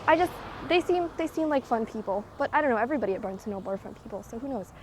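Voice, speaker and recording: A young woman chatters away in a high, quick voice, rambling from one thought to the next with plenty of fillers. She's walking outdoors and a little out of breath, with faint street noise behind her. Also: lively intonation, low-quality recording. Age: young adult. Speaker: vlogger. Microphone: handheld recording device with clip mic.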